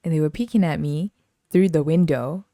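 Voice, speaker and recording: Young woman podcast host, low mellow voice, laughs a lot, acts out stories, dry close mic. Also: moderate pace, no room sound. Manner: laughs often, animated retelling with quoted voices. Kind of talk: casual solo storytelling.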